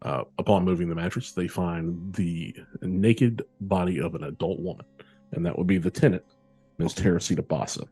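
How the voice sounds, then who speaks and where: A man co-hosting a podcast, telling a true-crime case in a relaxed, casual way with frequent fillers. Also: deep voice, normal speed, husky, faint music behind. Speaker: podcast co-host.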